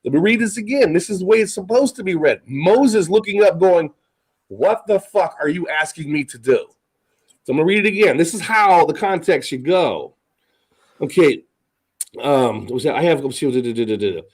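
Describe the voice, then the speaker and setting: A man's voice: on the high side, lively intonation, brisk, husky, poor audio. A man hosting a casual talk show, reading scripture aloud with stumbles and swearing sarcastically. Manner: profane, sarcastic, stumbling rereads. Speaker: podcast host.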